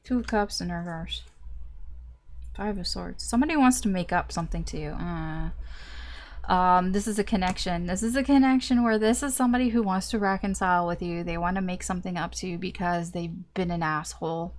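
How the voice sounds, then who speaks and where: A woman's voice: lowish voice, a little fast. A young woman giving a casual tarot reading, chatty and full of fillers, acting out little reactions as she goes. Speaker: tarot reader.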